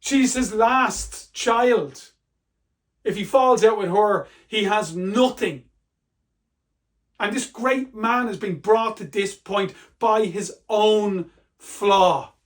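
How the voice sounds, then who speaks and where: Male literature teacher, high voice, chatty and emphatic exam-prep delivery. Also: slow. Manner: conversational, emphatic, reads quotes aloud with feeling.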